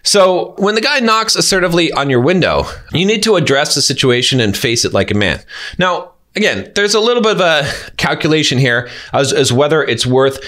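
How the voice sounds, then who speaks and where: Male advice host, slightly high voice, blunt and emphatic, keeps checking the listener is with him. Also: very animated, brisk, fairly bright tone. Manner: emphatic, keeps checking in with "okay?" and "all right?"; blunt and instructive. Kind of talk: direct-to-camera advice talk.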